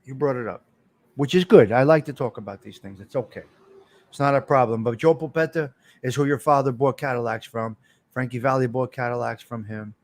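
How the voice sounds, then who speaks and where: A man's voice: medium pitch, brisk, dry recording. A middle-aged man, hosting a casual live stream and telling rambling, repetitive stories, cursing freely and answering viewers by name.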